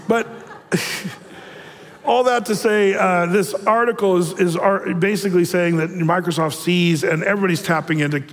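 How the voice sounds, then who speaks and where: A pastor delivers a casual prophecy-update sermon that wanders into digressions and joking asides. His voice sits high with a fairly bright tone, heard in a large hall.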